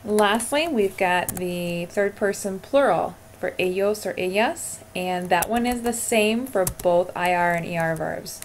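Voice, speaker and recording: A woman's voice: medium pitch, measured pace, hardly any pauses, slight background noise. Encouraging woman teaching Spanish verbs. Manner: encouraging, talks through typing. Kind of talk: screencast lesson.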